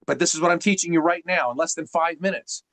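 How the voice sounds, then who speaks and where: A man's voice: a little high, fast talker, fairly bright tone, no room sound. A man coaching someone on a video call, emphatic and teacherly, asking rhetorical questions as he explains.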